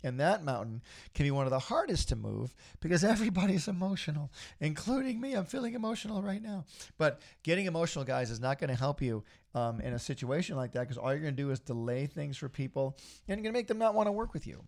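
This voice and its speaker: A man's voice: a little high, expressive, quick pace, vocal fry, a little mellow. A middle-aged man hosting a casual podcast, talking in an upbeat, rambling, motivational way. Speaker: podcast host.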